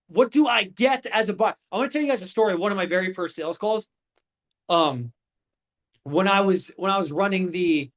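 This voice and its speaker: Young male instructor, high pitch, casual and profane, brisk storytelling energy. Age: 20s. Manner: casual, swearing, animated storytelling. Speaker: course instructor. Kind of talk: live online class talk.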